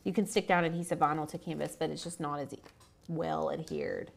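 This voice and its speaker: A woman co-hosting a craft tutorial, chiming in with quick, upbeat remarks and tips. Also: deep voice, big pitch swings, creaky, noisy background. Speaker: co-host. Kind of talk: casual chat.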